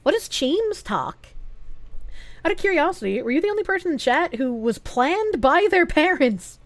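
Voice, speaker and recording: Very high-voiced giggly woman streamer. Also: very animated, normal speed, dry recording. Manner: giggly, laughs often, blunt and crude. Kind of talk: casual live-stream chat, reading messages aloud.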